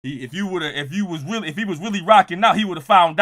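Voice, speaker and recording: A young man with a high, bright voice riffs through casual reaction commentary, joking straight to his live chat. He jumps from loud outbursts to low mutters and back, never staying level for long. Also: very fast. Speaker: streamer reacting to clips.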